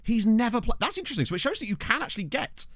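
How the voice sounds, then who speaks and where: Chatty male game streamer, lively pitch. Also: rapid-fire, no echo, studio quality. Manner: chatty, thinking aloud and addressing viewers. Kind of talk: casual live-stream game commentary. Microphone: desk microphone.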